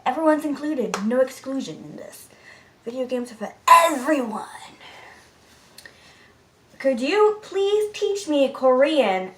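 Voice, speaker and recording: Chatty woman in an echoey room. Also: high-pitched. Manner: chatty and rambling, many "uh" fillers, drops to a soft murmur at times. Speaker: vlogger answering viewer questions. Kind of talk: casual Q&A vlog. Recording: roomy echo with faint background noise.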